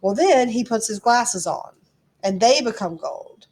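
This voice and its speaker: A woman's voice: a little high, lively intonation, a little slow, darkish tone, slightly rough. A woman teacher reading a storybook aloud and explaining it to her class in a chatty way. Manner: chatty, explanatory, frequent ums.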